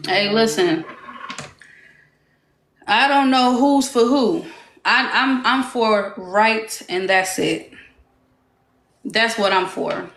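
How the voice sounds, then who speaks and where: A woman's voice: a little high, takes it slowly, long pauses, a bit bright. A woman hosting a casual live stream, talking in a defiant, drawling way. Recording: roomy echo with faint noise.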